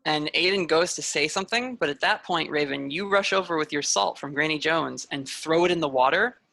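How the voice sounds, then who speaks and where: A woman's voice: low voice, brisk, gravelly, fairly bright tone. A woman running a tabletop role-playing podcast as game master, narrating in a chatty way with many fillers.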